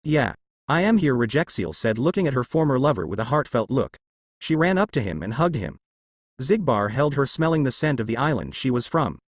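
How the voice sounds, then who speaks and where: Lively male storyteller reading fan fiction. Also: mid-range voice, fairly quick, no echo. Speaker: narrator.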